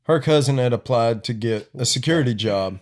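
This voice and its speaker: A man's voice: medium pitch, fairly quick. A man who grew up speaking Russian, hosting a casual chat and telling rambling stories full of fillers. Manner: rambling storyteller with fillers and laughs. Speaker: podcast host.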